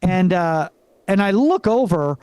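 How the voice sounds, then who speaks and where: A young stand-up comedian from Venezuela works the crowd with a halting delivery, stumbling through fillers and restarts. His voice sits fairly high for a man. It comes through a stage mic and sounds dry and close. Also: expressive, darkish tone, clean tone, no echo. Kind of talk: live stand-up set.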